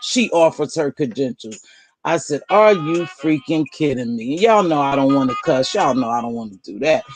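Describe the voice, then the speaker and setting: Blunt, animated older woman commentator. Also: rumbling low, normal speed. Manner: animated, emphatic, repeats words for effect; exasperated, blunt, casual slang. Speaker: online commentator. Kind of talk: live commentary chat with viewers.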